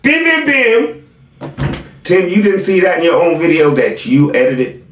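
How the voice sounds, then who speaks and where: A man's voice: fairly high pitch, normal speed, darkish tone, slight background noise. Man, sarcastic reaction commentary, distant mic, roomy echo. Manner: sarcastic, questioning the viewer.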